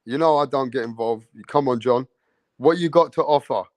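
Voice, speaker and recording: A man's voice: medium pitch, moderate pace, no room sound. Male host, mid voice, dry close sound, teasing hype-man delivery. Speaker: show host. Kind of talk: casual live-stream chat.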